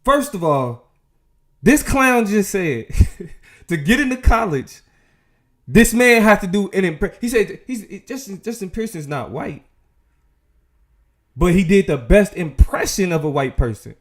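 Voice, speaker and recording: Give me a male show host with a fairly high voice, talking animatedly and emphatically. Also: measured pace, pauses often. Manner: animated, emphatic, frequent restarts. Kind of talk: casual commentary.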